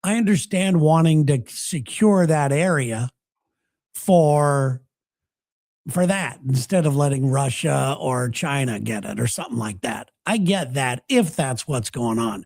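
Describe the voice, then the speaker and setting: Gravelly, rambling podcast co-host man. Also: mid-range voice, animated, unhurried, darkish tone, dry recording, clean studio sound. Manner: rambling, thinks aloud with restarts. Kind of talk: casual chat.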